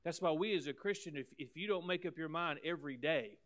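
A man preaching a sermon as pastor, emphatic, repeating words and swinging between loud and soft. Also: on the high side, a little fast, few pauses.

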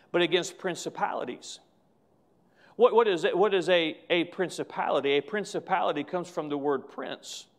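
High-voiced man preaching emphatically. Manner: emphatic, repetitive preaching with slow stressed phrases. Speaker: pastor. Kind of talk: sermon.

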